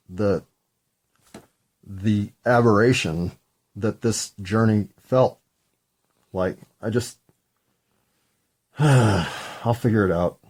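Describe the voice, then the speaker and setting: A man's voice: fairly low pitch, breathy edge. A man in his fifties in a casual, rambling, self-deprecating solo monologue. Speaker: solo podcaster.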